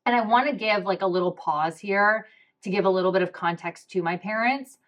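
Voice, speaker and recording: A young adult woman, a podcast host, telling a candid personal story in a frank, expressive way, swearing freely and throwing in quick asides. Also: lowish voice.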